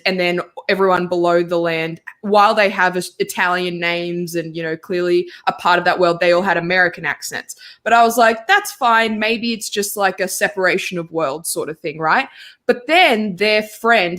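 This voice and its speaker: Woman co-host chatting about a movie, lively, laughs a lot, lots of "like". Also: medium pitch. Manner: animated, laughs often, many "like" fillers. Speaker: podcast co-host. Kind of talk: casual chat, movie review.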